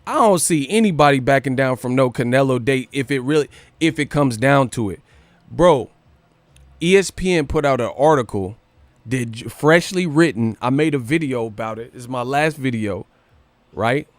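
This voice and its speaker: Profane animated livestream host. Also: male voice, medium pitch, no room sound. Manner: animated, profane, rapid rhetorical questions. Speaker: boxing news livestream host. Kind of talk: casual livestream rant.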